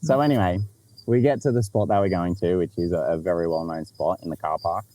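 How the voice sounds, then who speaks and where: Low mellow Australian man telling a story. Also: brisk, a little hiss or hum, poor audio. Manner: animated, swears freely, laughs often. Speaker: podcast host. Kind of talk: casual storytelling chat.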